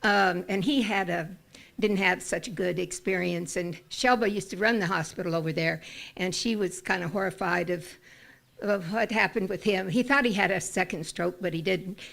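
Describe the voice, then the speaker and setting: Gravelly-voiced woman sharing news. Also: lowish voice, moderate pace, a bit bright. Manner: rambling, hesitant, many fillers. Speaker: congregation member making an announcement. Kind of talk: casual announcement to a congregation.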